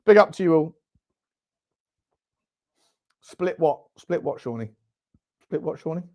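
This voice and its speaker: A young man hosting a live football watchalong, reacting loudly, swearing and shouting at the game. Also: a little high, lively intonation, takes it slowly, lo-fi sound. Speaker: fan channel host. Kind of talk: live match watchalong commentary.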